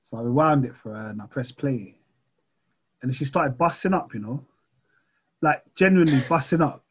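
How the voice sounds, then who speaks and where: A man's voice: medium pitch, normal speed, breathy edge. A young man, hosting a casual chat and arguing his point in slangy banter.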